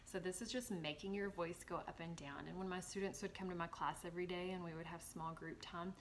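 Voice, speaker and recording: A woman with a Southern US accent, a former teacher explaining reading skills to parents in a clear, encouraging tutorial. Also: lowish voice, fairly even intonation, fairly quick, slight background noise. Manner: clear, encouraging, models examples with her voice.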